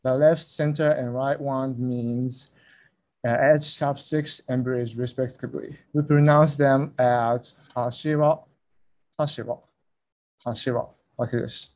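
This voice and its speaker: A man's voice: mid-range voice, steady tone, slow, darkish tone. A young man presenting a research talk at a conference over a video call, speaking carefully and a little hesitantly.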